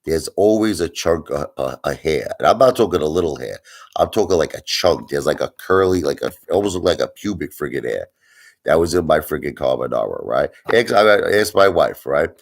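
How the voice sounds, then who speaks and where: A man hosting a live stream, telling a story in a casual, animated way, with plenty of swearing and repetition for emphasis. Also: a bass voice, brisk, vocal fry. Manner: animated, profane, repeats himself for emphasis. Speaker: livestream host.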